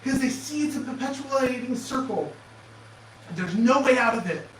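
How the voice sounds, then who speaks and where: A man giving an animated motivational talk, firing off sarcastic rhetorical questions in a presentation room. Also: very high-pitched, normal speed, a little hiss or hum. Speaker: speaker. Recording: echoey room, distant mic, faint ambience.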